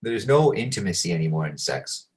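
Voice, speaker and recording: A man's voice: low voice, very animated, brisk, darkish tone, pitched below the performer's own voice. Insistent carefree young woman, quoted by a male storyteller in his own voice. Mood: earnest. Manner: repeats herself insistently.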